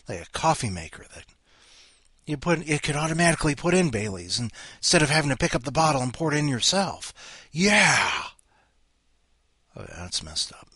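A man's voice: fairly high pitch, bright, forceful tone, husky, no room sound. A man hosting a story podcast, chatting in a rambling, self-mocking, joking way. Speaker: podcast host. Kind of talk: casual rambling chat.

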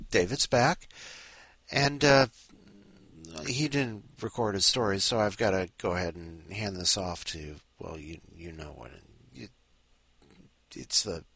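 A man's voice: on the low side, slow pace, pauses often, fairly bright tone, no room sound. A man hosting a podcast in a rambling, sleepy way, full of restarts and asides. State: sleepy, up at five in the morning. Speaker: podcast host. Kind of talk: casual rambling chat.

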